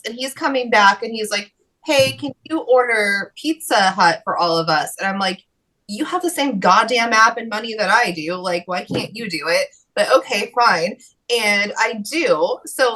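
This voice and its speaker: A woman co-hosting a casual chat, telling an animated story with swearing. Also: medium pitch, poor audio. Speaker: podcast co-host.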